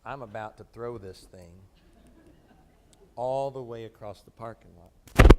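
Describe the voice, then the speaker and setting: A man's voice: lowish voice, a little slow, long reverb tail, very noisy. A pastor preaching a sermon to his church, joking along the way and reading scripture aloud with strong emphasis. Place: church sanctuary.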